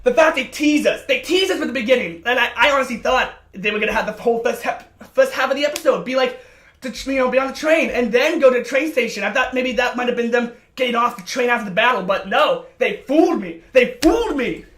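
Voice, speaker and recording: A man's voice: very high-pitched, quick pace, fairly bright tone. Breathless, gushing young man reacting. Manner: gushing, exclamatory, swears freely, stammering restarts. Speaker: show reaction youtuber. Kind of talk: excited reaction commentary. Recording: roomy room, faint music behind.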